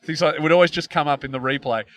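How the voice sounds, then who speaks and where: A man's voice: on the high side, rapid-fire, fairly bright tone. A man in his thirties, a comedian guest, trading wry quips and chuckles in a casual chat. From Australia.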